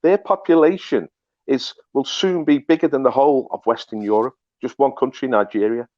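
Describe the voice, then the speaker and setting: This host's political commentary is emphatic and repetitive, full of restarts. He has a dark, medium-pitched voice at a normal speed, captured in a dull, dry, lo-fi recording.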